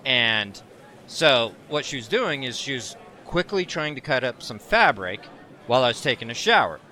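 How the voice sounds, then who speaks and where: Guy on a podcast telling a wild story, bright punchy voice, mid pitch, keeps laughing. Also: sing-song, moderate pace. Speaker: podcast co-host. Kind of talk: casual storytelling chat.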